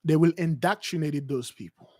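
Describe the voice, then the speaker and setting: A man's voice: a little high, moderate pace, darkish tone, no room sound, studio quality. A man preaching with passion, acting out quoted voices, with many fillers and restarts. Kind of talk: impassioned religious teaching.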